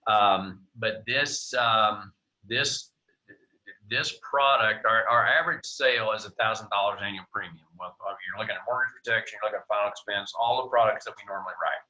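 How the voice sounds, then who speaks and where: A man hosts a team video call with a low, strikingly bright and forceful voice. He rambles, repeats words and leans on fillers. His talk comes through a video call. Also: normal speed, lo-fi sound. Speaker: host.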